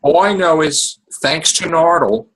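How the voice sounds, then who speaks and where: A man co-hosting a casual fan podcast, talking in an animated way, swearing and acting out what people said. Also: on the high side, normal speed, rough recording. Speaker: podcast co-host.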